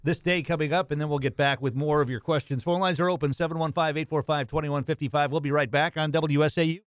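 Brisk fast-talking radio host man. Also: on the high side, steady tone. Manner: brisk, upbeat, reads phone numbers. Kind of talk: call-in radio hosting.

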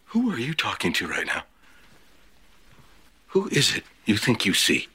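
An actor playing a menacing, defiant middle-aged man in a TV drama clip, with a low, threatening delivery. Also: huge pitch swings, unhurried, pushed and bright, breathy edge, full character voice.

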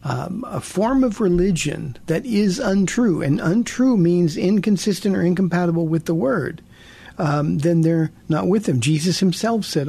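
A man's voice: high-pitched, expressive, moderate pace, vocal fry, warm tone, husky. A man in his sixties hosting a call-in radio Bible show, earnest and repeating words as he restarts. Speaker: radio pastor and call-in host.

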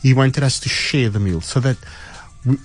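SA male organiser, mid pitch, earnest and methodical. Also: moderate pace, faint music behind. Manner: earnest, explains plans step by step. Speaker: event organiser. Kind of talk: interview guest talk.

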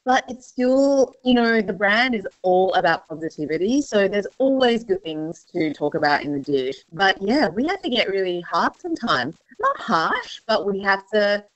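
A woman's voice: mid-range voice, very animated, normal speed, hardly any pauses, no room sound, dull audio. A woman, a cooking show judge being interviewed on radio, talking earnestly and laughing often. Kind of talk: casual interview.

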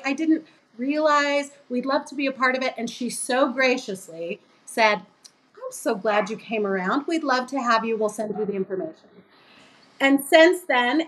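A middle-aged woman, a guest on a podcast, telling a lively story and acting out the voices of the people in it. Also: fairly high pitch, low-quality recording. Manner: animated, acts out quoted voices. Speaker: guest, business co-owner.

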